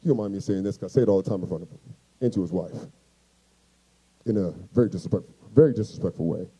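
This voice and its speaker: A man's voice: low-pitched, fast talker, breathy edge, low-quality recording. A male stand-up comedian from the United States telling a profane story, acting out voices. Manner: animated, profane, acts out voices.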